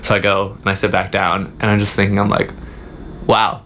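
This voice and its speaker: Soft-spoken young man, halting storyteller. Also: sits low, monotone, slight background noise. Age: young adult. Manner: storytelling, halting with many fillers. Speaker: student guest. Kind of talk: casual interview chat. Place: office.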